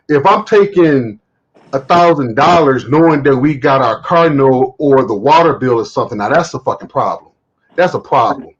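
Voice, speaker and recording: Guy hosting a live stream, acts out all the quotes, kinda husky voice, lo-fi sound. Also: a little high. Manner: animated storytelling, acts out quotes, swears. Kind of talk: casual live stream chat.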